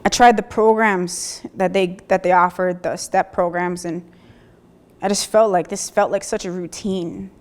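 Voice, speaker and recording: A woman in her thirties telling her own story of recovery, speaking candidly with halting restarts and repeated phrases. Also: lowish voice, steady tone. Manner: plainspoken, occasional mild swearing. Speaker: person sharing a recovery story. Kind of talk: personal testimony, candid and conversational.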